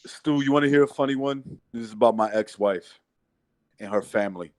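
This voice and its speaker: A man's voice: medium pitch, fairly quick, no echo. A man, co-hosting a podcast and telling a long, laughing anecdote about his ex-wife. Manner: laughing anecdotes with loud mimicry. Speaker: podcast co-host. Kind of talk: casual storytelling chat.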